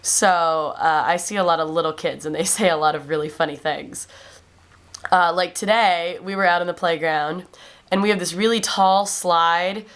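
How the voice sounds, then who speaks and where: A young classroom aide in her twenties tells funny stories casually in a vlog, with frequent ums and a lift in her voice when quoting kids. Her voice is fairly low and fairly bright, with fairly even intonation at a normal speed.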